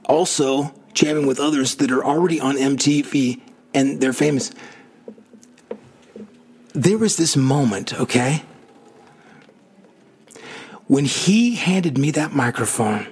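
A man with a husky, fairly high voice tells an emotional personal story about his musical past in a casual way. He acts out quotes and laughs often.

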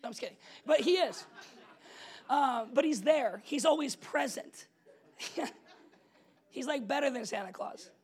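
A young adult man preaching a casual, story-driven sermon as pastor, animated and conversational, laughing often and checking in with the congregation. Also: very high voice, a little slow, long pauses. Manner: animated, conversational, laughs often, asks "you know what I'm saying?".

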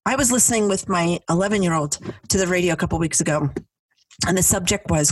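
Husky-voiced woman podcast host. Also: lowish voice, fast talker, dry recording. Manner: animated storyteller, acting out quotes. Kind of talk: casual chat. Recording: dry, mic a bit distant.

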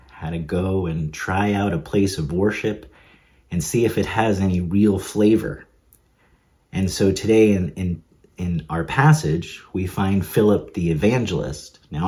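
Guy preaching online from his kid's bedroom, low voice, kinda chatty, lots of uhs and little laughs. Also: mellow. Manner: conversational, chuckling asides, hesitant fillers. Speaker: preacher and seminarian. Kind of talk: casual online sermon. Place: upstairs bedroom at home.

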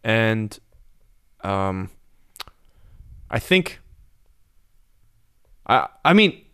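A man's voice: lowish voice, very animated, extremely slow, fairly bright tone, clean tone, no room sound, studio quality. A man in his late twenties hosting a casual podcast, talking candidly and reflectively with some hesitation. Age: 20s. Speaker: podcast host. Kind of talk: casual chat.

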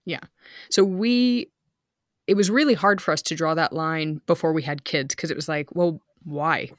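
A woman in her thirties co-hosting a podcast, talking chattily, with quick asides and bursts of speed. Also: low-pitched, dry recording, clean studio sound. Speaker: podcast co-host. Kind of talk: casual family chat.

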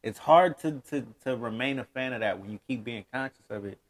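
A podcast co-host in casual sports chat, speaking in a reflective, soft-spoken way. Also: male voice, mid-range voice, a little fast.

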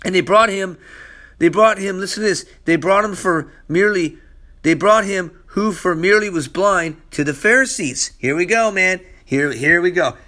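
Man, high voice, hyper, slangy, casual Bible teaching, acts out the characters. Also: moderate pace, bright, forceful tone. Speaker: preacher.

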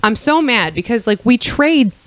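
A woman's voice: fairly high pitch, lively intonation, moderate pace. A young woman co-hosting a podcast in casual chat, giggly and teasing. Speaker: podcast co-host.

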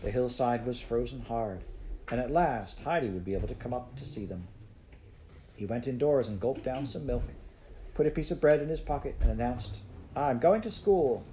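A man reading a children's story aloud in a measured, even storytelling manner. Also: mid-range voice, slight background noise. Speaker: narrator. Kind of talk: audiobook narration.

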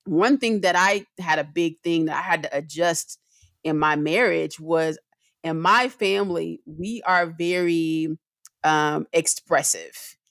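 Woman, podcast co-host, middle-aged, expressive, voice climbs when excited, lower pitch. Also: takes it slowly, no echo, clean studio sound. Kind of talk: casual conversation.

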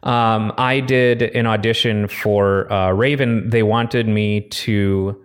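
A man's voice: lowish voice, fairly even intonation, slow pace, clean tone. A young man in casual chat, telling rambling stories full of fillers and restarts. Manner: rambling, filler-heavy storytelling.

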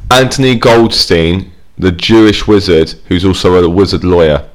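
Male co-host, very deep, swears freely, loose rambling banter. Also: moderate pace. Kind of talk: casual chat.

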